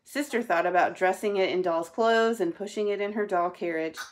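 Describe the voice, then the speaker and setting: Brief: a teacher reading a picture book aloud, gentle and steady. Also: female voice, medium pitch, moderate pace. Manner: gentle, answers a child's interruptions. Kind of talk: storybook read-aloud.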